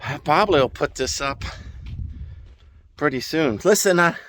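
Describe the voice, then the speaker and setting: In this casual outdoor DIY vlog, a man works on a trailer tire on rural land, rambling folksily with chuckling asides and running short of breath. His slightly high voice is expressive and a bit bright at a moderate pace, with a little hiss or hum in the audio.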